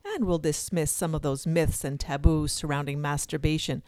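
A woman co-hosts a podcast in a very low voice. She presents in a measured, steady way and introduces the guest and events. The sound is dry and close. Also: no echo. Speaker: podcast co-host. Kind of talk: podcast hosting.

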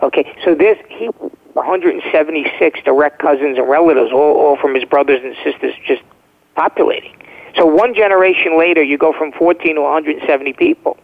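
Guest caller: emphatic man, slightly high voice, heard through a tinny phone line. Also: fairly quick, vocal fry. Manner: emphatic, checks in with "okay?". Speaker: guest, former first responder. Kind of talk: phone-in interview storytelling.

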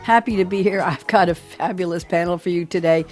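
A woman's voice: lowish voice, fairly quick, darkish tone, faint music behind. A woman with a New York accent hosting a radio talk show, chatting playfully with jokey, rambling asides.

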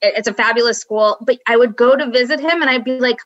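A woman's voice: on the high side, fast, fairly bright tone, dry recording. A middle-aged woman from Long Island with a Long Island accent, an admissions counselor chatting frankly and loosely, full of likes and restarts. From Long Island, New York. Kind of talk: casual podcast chat. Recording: dull, dry lo-fi recording.

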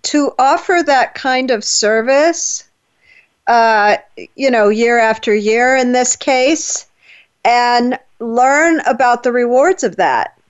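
A woman hosting an interview, asking thoughtful, measured questions. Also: fairly high pitch, clear, resonant tone, highs cut off. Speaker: host.

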